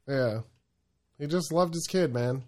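Relaxed man in joking podcast chat. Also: fairly high pitch, unhurried. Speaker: podcast co-host. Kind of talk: casual podcast banter.

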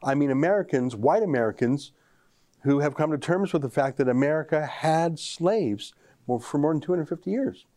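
A man's voice: a little high, animated, moderate pace, dark tone. A man hosting a political commentary show, talking emphatically and straight to the listener. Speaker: show host.

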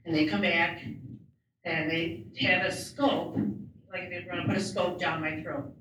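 A woman's voice: on the low side, steady tone, measured pace, background noise. A woman interpreter voicing a first-person personal story in a plain, conversational way, with small restarts. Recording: very echoey room, distant mic, faint ambience.

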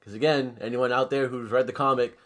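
A man's voice: mid-range voice, flat delivery, fairly quick, fairly bright tone. A man chatting casually as a podcast guest, rambling and hesitant with lots of fillers.

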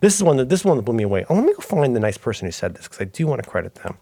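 Animated rambling man podcaster. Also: medium pitch, rapid-fire, gravelly, no echo. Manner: rambling, self-interrupting, animated storytelling. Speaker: podcast co-host. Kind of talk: casual chat.

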